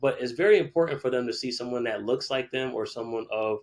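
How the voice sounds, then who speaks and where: Male guest, 40s, teacher; lively storyteller who slips into quoted voices. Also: mid-range voice, quick pace. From Connecticut, USA. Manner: animated storyteller who acts out quoted people. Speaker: guest, middle school teacher. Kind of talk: casual storytelling interview.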